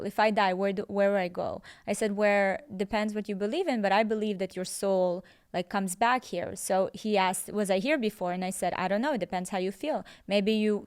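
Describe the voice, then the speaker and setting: Woman with a smooth, clear voice. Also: mid-range voice. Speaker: podcast host. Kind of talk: casual chat.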